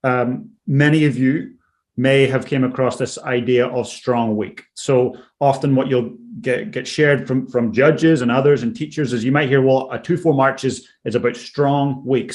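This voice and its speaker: A man's voice: mid-range voice, steady tone, moderate pace, darkish tone. A man co-hosting a lesson from the drummer's side, adding points and eagerly affirming his partner. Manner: enthusiastic, affirming. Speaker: drumming co-host. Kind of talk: conversational lesson.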